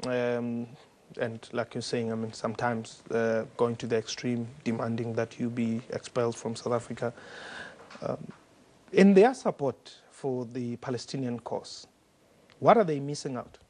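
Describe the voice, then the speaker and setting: A man interviewing a guest on a TV news show, asking probing questions with halting fillers. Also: mid-range voice, fairly even intonation, darkish tone.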